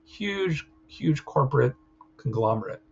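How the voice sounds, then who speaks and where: In this recorded clinical training lecture, a man teaches in a relaxed, conversational style, frequently asking "right?". He speaks unhurriedly in a slightly high, gravelly voice with lively intonation over slight background noise. The recording sounds a bit dull and carries faint ambience.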